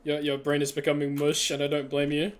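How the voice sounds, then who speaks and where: A man's voice: fairly high pitch, completely flat delivery, a little fast. A man hosting a game development live stream, chatting casually with his community over voice chat, laughing often and restarting his phrases.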